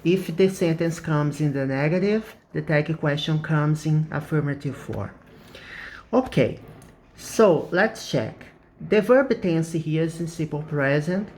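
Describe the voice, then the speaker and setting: A man with a Brazilian accent, a native Portuguese speaker, explaining an English grammar lesson as a teacher in a deliberate way, checking in often with "okay?". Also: fairly high pitch, lively intonation, darkish tone, slight background noise.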